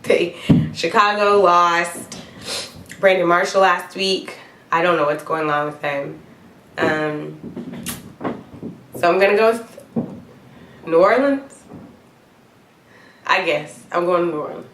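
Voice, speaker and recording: Speaking slowly and pausing often, a woman vlogger runs through her football picks to the camera in a relaxed way, with small laughs, an occasional "y'all," and the cough of someone who has a cold. Her voice is lowish yet fairly bright. There's some hiss or hum, and the room echoes.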